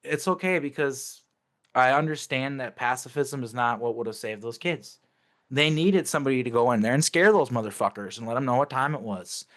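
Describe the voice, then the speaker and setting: A man's voice: mid-range voice, fairly quick, fairly bright tone. A man talking as an interview guest, recounting memories casually but intensely and swearing freely.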